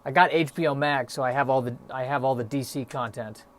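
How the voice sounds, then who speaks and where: A man's voice: medium pitch, steady tone, fairly quick, fairly bright tone. A young man hosting a solo podcast, musing in a stop-start, self-deprecating way with lots of fillers, a little out of breath. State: a bit out of breath. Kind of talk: rambling solo podcast monologue.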